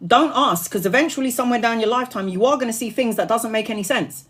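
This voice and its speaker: A woman chatting casually on a phone live stream as a tarot reader, animated and laughing often, swearing freely and sounding tired after hours live. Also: a little high, fast talker, breathy edge.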